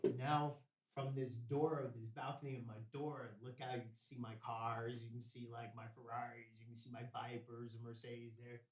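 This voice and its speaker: A man's voice: mid-range voice, level tone, normal speed. A man, a podcast guest, telling a story in a casual, rambling, profane way with streetwise slang. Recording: roomy, distant mic.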